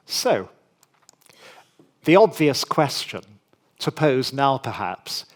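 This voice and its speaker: A man giving a formal public history lecture in a measured, deliberate way, with dry asides. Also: mid-range voice.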